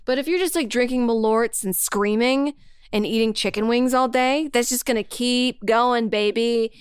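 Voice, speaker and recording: Woman from California, podcast co-host, emphatic chat, slightly high, dry recording. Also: normal speed, clear, resonant tone, no room sound. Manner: chatty, emphatic, repeats phrases. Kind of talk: casual chat.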